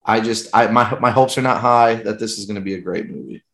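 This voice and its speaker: A man's voice: on the low side, steady tone, brisk, fairly bright tone, reverberant. A man co-hosting a casual chat, with teasing and skeptical remarks. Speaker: podcast co-host.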